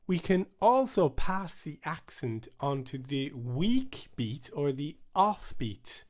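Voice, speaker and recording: A man hosting a live-streamed bodhrán lesson, chatty and upbeat, chanting rhythm syllables aloud, with his voice starting to rasp. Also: fairly high pitch, lively intonation, takes it slowly, hardly any pauses, heavy background noise. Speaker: bodhrán teacher and channel host.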